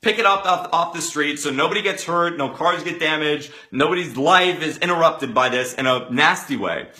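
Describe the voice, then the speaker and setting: A man giving an energetic motivational talk, acting out the people in his story with sudden loud outbursts. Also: fairly high pitch, normal speed. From Los Angeles area resident. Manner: animated, acts out quotes with loud outbursts. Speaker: motivational speaker.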